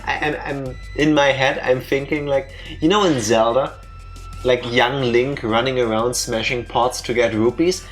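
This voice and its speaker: A woman co-hosting a let's play, commenting casually with jokes and quick asides. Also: a bass voice, fairly even intonation, faint music behind. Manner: joking, quick asides, laughs often.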